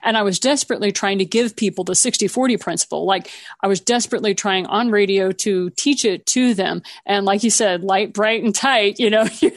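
A middle-aged woman hosting an interview, chatty and quick to laugh. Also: medium pitch, no room sound. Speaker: podcast host. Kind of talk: casual interview chat.

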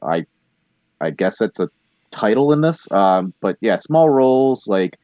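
A man's voice: lowish voice, sing-song, a little slow, warm tone, no room sound, lo-fi sound. A man co-hosting a casual film podcast, laid-back, going through cast lists with lots of fillers. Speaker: podcast co-host. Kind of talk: casual chat about films.

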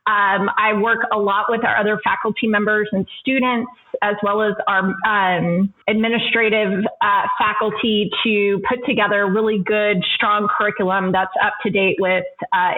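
A woman's voice: medium pitch, bright, forceful tone, low-quality recording. A woman from Central Texas, a professor speaking as a guest in an interview, friendly, with frequent ums and uhs. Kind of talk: podcast interview.

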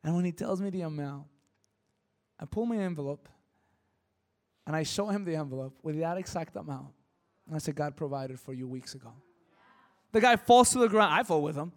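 A man from Mexico preaching, telling personal stories in a lively, emotional way that swings from hushed to loud. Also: on the high side, a little fast, pauses often. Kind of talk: sermon storytelling.

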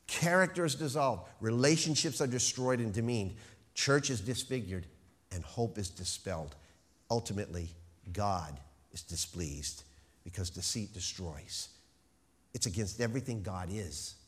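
A man's voice: fairly low pitch, expressive. Emphatic male preacher. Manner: emphatic preaching with slow stressed phrases. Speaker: pastor. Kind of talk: sermon.

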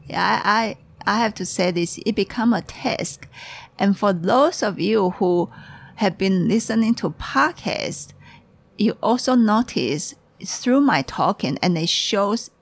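A woman's voice: medium pitch, lively intonation, slow, creaky. A woman hosting a casual podcast, talking in a hurry and restarting her sentences as she gets ahead of herself. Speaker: podcast host and tea shop owner.

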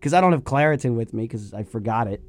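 A man's voice: mid-range voice, animated, fast talker, darkish tone, no echo, faint music behind. Young male co-host, congested from a cold, easygoing banter on a mic. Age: young adult. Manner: laughs easily, teasing. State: stuffed-up nose from a cold. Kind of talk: casual sports chat.

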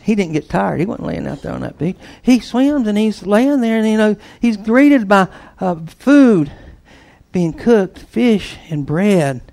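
A man with a notably high voice preaches, telling a story with lively swings in force. He leaps to loud bursts, then drops into hushed, near-whispered lines. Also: a little slow, creaky. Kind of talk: storytelling sermon.

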